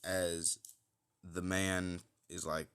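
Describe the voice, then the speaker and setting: Deep-voiced man rambling through a story. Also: little pitch movement, very slow, a bit bright, clear, resonant tone. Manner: rambling, full of fillers, swearing. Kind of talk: casual fan-fiction narration.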